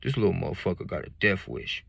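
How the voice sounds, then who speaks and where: A man's voice: sits low, expressive, fast talker, gravelly, a bit bright, dry recording, studio quality, full character voice. A man voicing a young man's companion who mocks in street slang. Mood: scornful.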